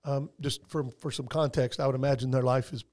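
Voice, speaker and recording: A man's voice: medium pitch, steady tone, brisk, darkish tone. A man, a guest talking earnestly in a casual conversation, heartfelt and rambling with many restarts and fillers.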